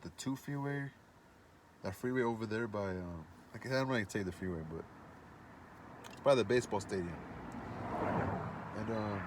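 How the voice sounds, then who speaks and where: A man's voice: lowish voice, noisy background. A man telling a long personal story in casual speech, rambling and profane, with many fillers and restarts.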